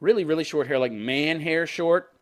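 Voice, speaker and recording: A little high and delivered at normal speed, this is the voice of a commentary host in his fifties. He reads a news story aloud, cracks crude, sarcastic jokes about it and laughs at his own lines.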